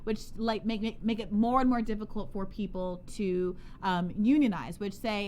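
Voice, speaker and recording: A woman's voice: mid-range voice, steady tone, normal speed, few pauses, dark tone, slight background noise. A young woman on a campaign livestream panel, explaining policy earnestly and laughing readily. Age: young adult. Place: campaign office event room.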